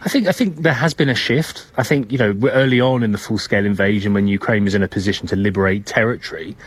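Male field correspondent, low husky voice, measured live report with restarts. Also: no echo. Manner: measured, with frequent hesitations and restarts.

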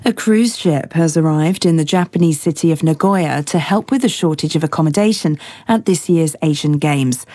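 A woman reading a radio news bulletin in a crisp, steady way. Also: low voice, no room sound. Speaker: newsreader.

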